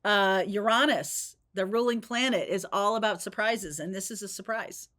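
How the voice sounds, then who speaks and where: A woman's voice: medium pitch, moderate pace, fairly bright tone. A woman giving a spontaneous tarot reading, talking in a chatty, rambling way and often checking in with "okay?" and "right?". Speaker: tarot reader.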